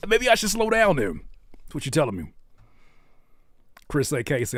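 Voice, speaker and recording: Animated man hosting a live stream. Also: mid-range voice, moderate pace, dry recording. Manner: animated and playful, reads chat aloud and teases viewers. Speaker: host of a live music reaction stream. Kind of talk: casual live-stream chat.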